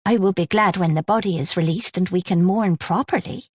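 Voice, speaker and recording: A woman voicing a composed, eerie baker's widow who speaks softly in a gentle Gloucestershire accent. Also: fairly low pitch, brisk, breathy edge, no room sound. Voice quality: gentle, soft-spoken.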